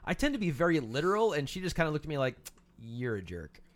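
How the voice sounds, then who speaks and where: Male officer, deadpan jokester, lively pitch. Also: racing. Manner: dry, joking. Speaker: police motor officer, guest. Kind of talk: casual chat.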